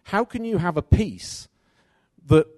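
Speaking slowly, a middle-aged man preaches and relates a personal story, his voice going from loud to soft. His pitch is lively, rising and falling. It's a dry, close recording with no echo.

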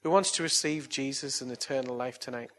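A man's voice: mid-range voice, fairly quick, fairly bright tone. A man preaching, telling stories in a chatty way and coaxing his listeners with earnest appeals. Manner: chatty, anecdotal storytelling. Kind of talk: evangelistic sermon and altar call.

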